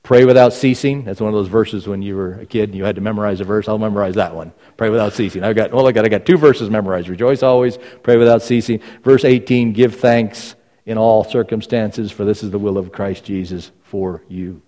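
A man's voice: on the low side, fairly even intonation, brisk, dark tone. A man preaching a sermon as pastor, emphatic and repeating phrases for stress. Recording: long reverb of a large hall.

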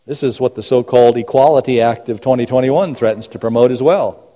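Pastor guy preaching in a church, mellow dark voice, long echo off the walls, goes from loud to real quiet. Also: fairly quick. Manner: preaching with rhetorical questions, swinging between booming and hushed. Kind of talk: sermon. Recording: long hall reverb.

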